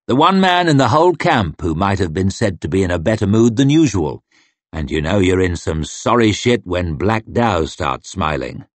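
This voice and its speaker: A man reading an audiobook narration with expressive, varied delivery. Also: lowish voice, no echo. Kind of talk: scripted fantasy narration.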